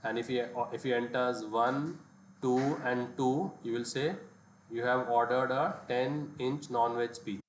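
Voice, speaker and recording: A man teaches a live online programming class, going through things step by step and frequently using tag questions to check that students are keeping up. His voice is medium-pitched, steady, and at normal speed, but the mic is distant, the room echoes, and there's background noise.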